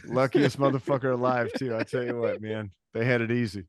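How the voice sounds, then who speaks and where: A man's voice: mid-range voice, fairly even intonation, fairly quick, a crowd in the background. A man, a podcast guest and touring musician, telling stories in laid-back casual chat with frequent restarts and swearing.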